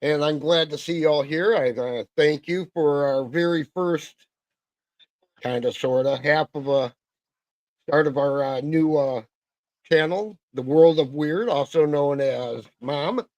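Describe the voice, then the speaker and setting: Slow, halting man from Wisconsin. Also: a little high, a little mellow, no echo. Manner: halting, lots of fillers and self-corrections. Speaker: host of a livestream. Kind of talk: casual livestream chat.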